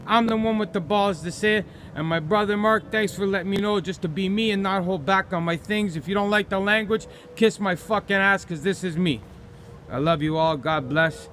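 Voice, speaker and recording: A man's voice: high-pitched, a bit bright, a little hiss or hum. A middle-aged man, ranting bluntly and profanely as he tells an angry story in his vlog. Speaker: vlogger.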